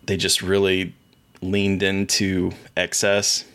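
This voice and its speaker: A man's voice: low voice, monotone, takes it slowly, fairly bright tone, smooth. A man co-hosting a podcast, chatting casually about films and shows, rambling and enthusiastic with many restarts. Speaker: podcast co-host.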